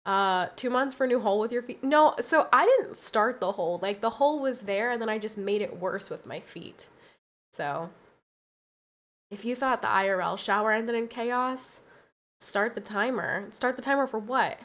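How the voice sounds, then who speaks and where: A young woman streaming a casual chat, tired and tearful, talking softly with many pauses and restarts. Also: a little high. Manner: soft, halting, full of fillers and restarts.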